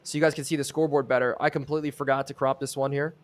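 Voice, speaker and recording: A man's voice: medium pitch, racing. A young man streaming a football video game live, commenting on the plays and reading chat aloud. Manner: excitable, reads chat aloud.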